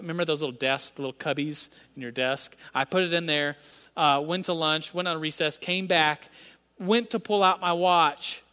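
A man's voice: a little high, sharp tone. A man in his thirties preaching a sermon in a conversational, storytelling manner. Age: 30s. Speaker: pastor. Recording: reverberant church hall.

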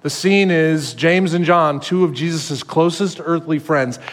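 A male pastor giving a sermon in a conversational, animated storytelling manner. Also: a little high, unhurried, in a large hall.

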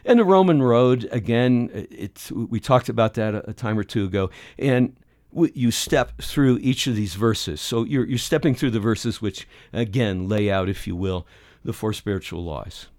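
A man's voice: on the low side, normal speed, few pauses, a little mellow, no echo. Conversational middle-aged man teaching, dry sound. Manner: conversational, acts out dialogue, many restarts. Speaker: ministry teacher. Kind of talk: teaching talk on evangelism.

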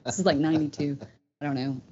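A woman's voice: low voice, steady tone, fast talker, warm tone, a little hiss or hum. A woman, telling a personal story as a podcast guest in a heartfelt, rambling way, with many "you know" fillers. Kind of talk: casual storytelling. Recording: dull lo-fi podcast audio.

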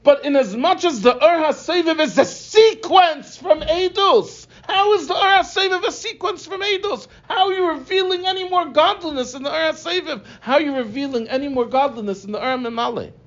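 A man's voice: very high-pitched, fairly quick, few pauses, a bit bright. A man teaching a religious text line by line, explaining and asking rhetorical questions. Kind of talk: text-study lesson. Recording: dull lo-fi recording.

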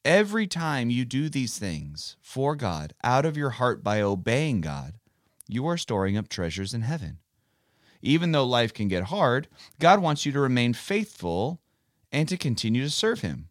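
A man's voice: medium pitch, big pitch swings, moderate pace, no echo, clean studio sound. A man hosting a casual Bible podcast for children, talking in a playful, teacherly way. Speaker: podcast host.

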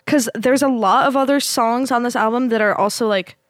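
A woman's voice: fairly high pitch, fairly quick, no echo, studio quality. A young woman hosting a radio music show, chatting casually and rambling with lots of fillers.

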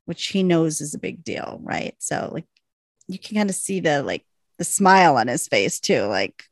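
A woman's voice: low voice, expressive, moderate pace, no echo, studio quality. A woman co-hosting a podcast, recapping a TV episode in casual chat and eagerly acting out lines from the scenes. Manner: enthusiastic, acts out lines from scenes.

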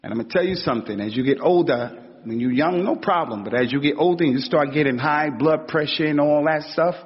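Husky man preaching in a reverberant hall. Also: medium pitch. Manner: conversational, street slang, acts out anecdotes. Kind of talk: informal sermon. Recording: dull recording with long hall reverb.

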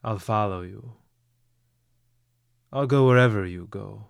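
Man reading a desperate devoted young woman, fervent and pleading, low, slow, dry. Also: creaky, clear, resonant tone, no echo.

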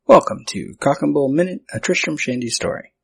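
Gravelly, husky man hosting a podcast. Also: on the high side, expressive, a little fast, fairly bright tone, no room sound. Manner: self-mocking, stumbles over words. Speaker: podcast host. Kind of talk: casual solo podcast talk.

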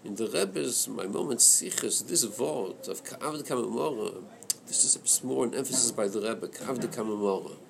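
A man leading a study class on a Chassidic text, thinking aloud in a hesitant, halting way that repeats words. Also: mid-range voice, lively intonation, vocal fry, a crowd in the background. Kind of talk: Torah study class discussion.

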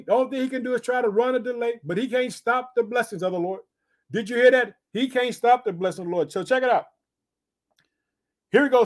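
A male preacher teaching from the Bible in a sermon, exhorting his listeners with frequent rhetorical questions and bursts of interjection. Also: extremely high pitch. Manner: punctuates with interjections.

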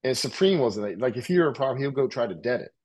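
A man's voice: medium pitch, very animated, quick pace, darkish tone. A middle-aged man from the United States, talking about his past in a loose, slangy way, full of "like" and "you know". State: coughing from a bong. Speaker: interview guest, writer. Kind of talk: casual storytelling.

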